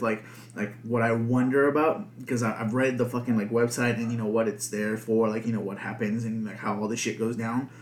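A male podcast host with a medium-pitched voice rambles through a casual monologue, swearing heavily and using lots of filler words. The room he's recording in is echoey.

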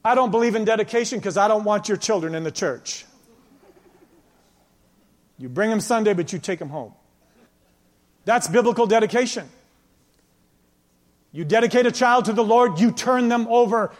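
A man preaching a sermon as pastor, emphatic, with passages that drop to a quiet, intense tone. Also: sits high. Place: church sanctuary. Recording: long church hall reverb.

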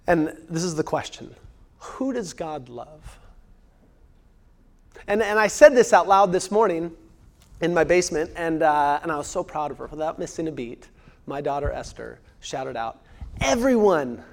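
This thirty-something man is a pastor giving a sermon in a fairly high, gravelly voice at a normal pace. Earnest throughout, he leans on repeated key phrases and occasionally drops almost to a whisper.

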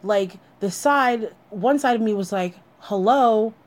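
A woman's voice: medium pitch, measured pace. A woman telling a personal story in a blunt, candid way, swearing freely as she talks.

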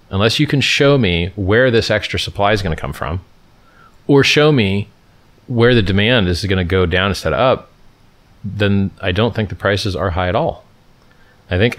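A man from California chats casually on a livestream in a deep, low voice. He answers viewer questions emphatically, repeating phrases and restarting his sentences. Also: fairly bright tone. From Stockton, California, USA.

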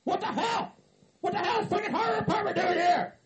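A man voicing a paranoid, furious hillbilly who yells curses nonstop in a raspy, screeching voice. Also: very high-pitched, lively intonation, a little fast, over a noisy crowd, pitched above the performer's own voice. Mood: ranting. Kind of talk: hobby comedy skit acting.

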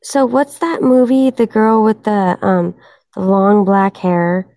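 A tired woman hosts a casual livestream, her voice hoarse and gravelly. She speaks slowly and lets her pitch swing widely as she chats with viewers. The sound is dry, close and roomless. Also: steady tone, dark tone, no echo. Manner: chatty, addresses viewers in chat. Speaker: livestream host.

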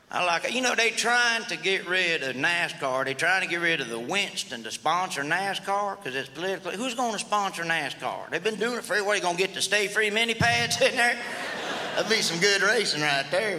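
A man's voice: high voice, lively intonation, a little fast. A man with a Southern US accent performing a stand-up comedy set in a folksy redneck drawl, often asking the crowd questions. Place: live comedy festival stage. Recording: reverberant live hall with noise.

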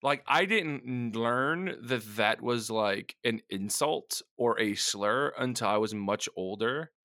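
Male podcast host, gravelly and bright, crude banter, dry close mic. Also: mid-range voice, slow pace, no echo. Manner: crude joking, acts out voices of others, laughs often. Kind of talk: casual comedic chat.

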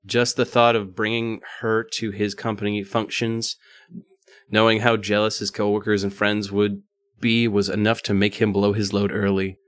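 A male podcast host with a fairly low voice reads a story aloud in a casual, unpolished way, tripping over words and going back to fix them. The recording is dry and close. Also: flat delivery, moderate pace, no echo. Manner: reads with frequent stumbles and asides.

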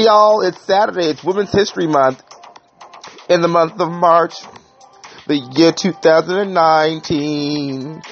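A man hosting a community talk show, sassy and theatrical, calling listeners honey and child. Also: a little high. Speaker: community radio host. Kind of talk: flamboyant comic commentary. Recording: dull lo-fi recording with loud hiss.

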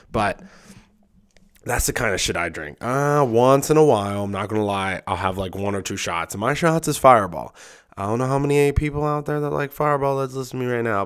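Low, smooth-voiced man rambling on a podcast. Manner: loose and rambling, swears often, many fillers. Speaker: podcast host. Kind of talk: casual rambling storytelling.

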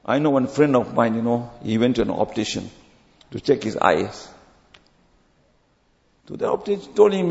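Guy preaching a sermon, voice trails low and soft at phrase ends, echoey hall. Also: very animated, moderate pace, vocal fry, long pauses, highs cut off. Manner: storytelling, drops to low quiet tones at ends of phrases. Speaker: imam.

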